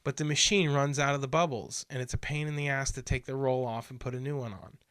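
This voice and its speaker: Earnest, animated man in dry audio. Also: mid-range voice, quick pace, smooth, no echo. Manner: animated storyteller who acts out quotes; earnest and insistent. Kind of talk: casual podcast chat.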